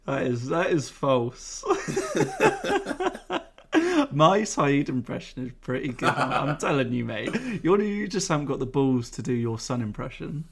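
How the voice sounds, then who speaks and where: A man's voice: a little high, huge pitch swings, takes it slowly, a bit bright, husky. A man co-hosting a podcast, bantering and swearing while laughing. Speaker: podcast co-host. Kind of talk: casual chat.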